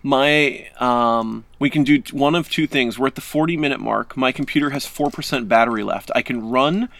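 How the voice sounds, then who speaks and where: A man's voice: mid-range voice, normal speed, creaky, a bit bright. A young man co-hosting a podcast, telling stories in casual chat, laughing and acting out quotes. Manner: laughing storyteller, acts out quotes. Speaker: podcast co-host.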